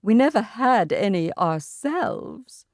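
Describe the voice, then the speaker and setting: A woman voicing a prim, fussy older lady with a shrill, shrieking voice in a children's audiobook. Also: big pitch swings, slow, no room sound, clean studio sound.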